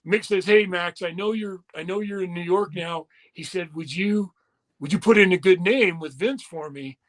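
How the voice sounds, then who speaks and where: A man with a fairly high speaking voice spins a long, candid story as an interview guest. He swears freely and acts out what everyone said along the way, in the talk of a middle-aged former wrestler. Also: moderate pace. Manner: profane, animated storyteller acting out quoted dialogue.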